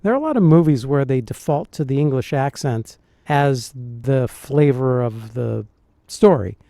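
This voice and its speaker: A man's voice: medium pitch, expressive, unhurried, creaky, dark tone, dry recording. A middle-aged man and dialect coach talking through a film in a musing, hesitant reaction commentary.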